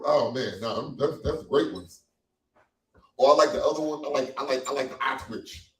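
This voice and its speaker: A man performing a stand-up comedy set in a small cafe, animated and loose, acting out quoted voices. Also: mid-range voice, moderate pace, slight background noise. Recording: echoey room from far off.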